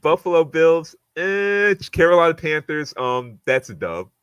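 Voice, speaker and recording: A man co-hosting a podcast in casual sports chat, quickly grading games one after another in a lively way. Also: a little high, smooth, no room sound. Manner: animated, grading each game in a quick list. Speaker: podcast co-host.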